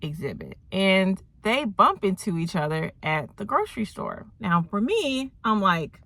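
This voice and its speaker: A woman's voice: medium pitch, sing-song, unhurried, few pauses, a bit bright, no echo. A woman vlogger rambling through a casual movie recap, opinionated and full of fillers.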